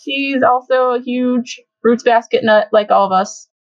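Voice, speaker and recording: A woman's voice: fairly high pitch, measured pace, no room sound, lo-fi sound. A young woman hosting a casual fan podcast, chatty and giggly, with lots of fillers. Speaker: podcast host.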